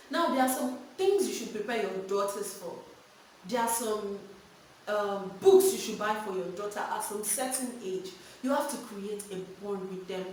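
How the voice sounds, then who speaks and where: A woman talks straight to camera, frank and animated as she mixes stories with advice. Her voice sits a little high. She is recorded in a very echoey room with the mic set some distance away. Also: a little hiss or hum. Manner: animated, frank, laughs while telling stories. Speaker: vlogger giving parenting advice. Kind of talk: candid storytelling and advice monologue.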